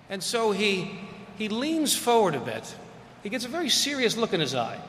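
Bright-voiced male speaker in a reverberant hall. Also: fairly high pitch, sing-song, a little hiss or hum. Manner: storytelling, with quick asides. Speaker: guest speaker. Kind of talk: public lecture.

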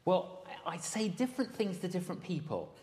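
Affable man from Cyprus as an onstage guest, a lively, wide-ranging voice with long hall reverb. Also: high voice, brisk. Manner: affable, storytelling. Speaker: guest, clergyman and author. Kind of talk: live on-stage interview. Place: large hall with a live audience. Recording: reverberant hall with faint noise.

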